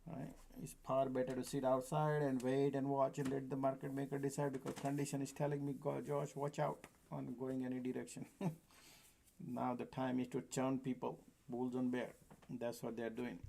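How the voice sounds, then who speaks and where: This stock trading livestream host is a man with a medium-pitched, gravelly, warm voice. He delivers live market commentary in a relaxed, chatty way, calling his viewers folks and laughing often, into a desk mic he sometimes sits far from.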